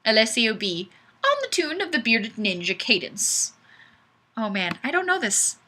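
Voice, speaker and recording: On a live webcam chat, a playful woman reads viewer comments in a giggly, sing-song way. Her fairly high, bright voice swings widely in pitch, and she speaks unhurriedly, captured on a webcam microphone.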